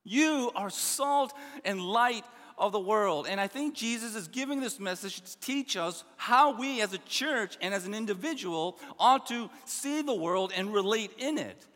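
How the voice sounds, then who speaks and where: A male pastor delivers a sermon in a notably high voice, leaning hard on repeated words and dropping suddenly quiet between stressed lines. His voice carries a long reverb tail, as from a church sanctuary. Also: expressive, a little slow, few pauses. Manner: emphatic, repeats words, swings from loud to quiet.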